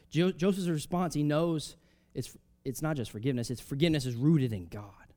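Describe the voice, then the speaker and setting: A man preaching a sermon, reading scripture aloud and explaining it in a conversational way, swinging between loud emphatic rises and soft drops. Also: mid-range voice, animated, moderate pace. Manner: reads scripture aloud, then explains it casually with fillers.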